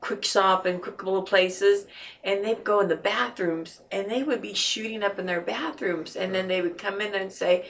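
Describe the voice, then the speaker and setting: A woman guest telling a painful personal story in a podcast interview, halting and earnest, often restarting her sentences. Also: medium pitch, creaky, recorded from a distance. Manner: earnest and emotional.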